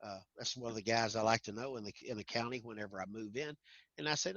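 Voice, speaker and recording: A man's voice: fairly low pitch, fast, dry recording. A middle-aged man from Arkansas, casually telling stories and acting out the voices in them. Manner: animated, acts out voices in anecdotes. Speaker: guest storyteller. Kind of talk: casual storytelling chat. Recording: dull lo-fi sound.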